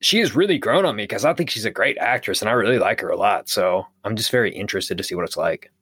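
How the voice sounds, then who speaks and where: A man's voice: on the low side, animated, fast, a bit bright, slightly rough, dry recording, studio quality. A young man, co-hosting a casual podcast chat, opinionated and rambling, swearing now and then. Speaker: podcast co-host.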